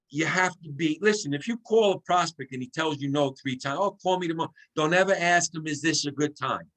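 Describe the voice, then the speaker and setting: Excitable man coaching a sales team. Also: a little high, poor audio. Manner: excitable, coaching, quotes sample phone calls. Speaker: guest sales trainer. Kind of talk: motivational team training talk. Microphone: video call.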